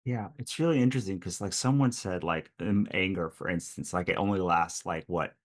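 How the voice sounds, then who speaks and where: A man with a somewhat low voice, co-hosting a podcast. He talks loosely, thinking aloud and leaning on fillers as he works through an idea. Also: brisk. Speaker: podcast co-host. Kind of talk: casual chat.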